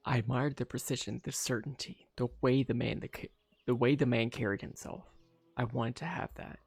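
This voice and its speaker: A man streaming a game, reading its story aloud with quick asides of his own. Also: mid-range voice, fairly even intonation, gravelly, husky, no room sound. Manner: narrates steadily, breaks off with quick asides. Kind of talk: reading a visual novel aloud with commentary.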